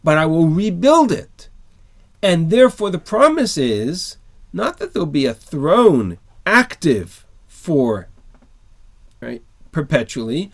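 A man teaches an online text-study class, and his fairly high voice swings widely in pitch. He reads a passage aloud, then explains it with emphatic rhetorical questions that he answers himself. The sound comes through a video call. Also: sing-song, slow pace.

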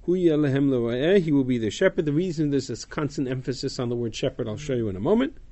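A man's voice: mid-range voice, big pitch swings, fast talker, mellow. A male teacher giving a text-study class to students, reading verses aloud, translating them and explaining them. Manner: fields student questions casually.

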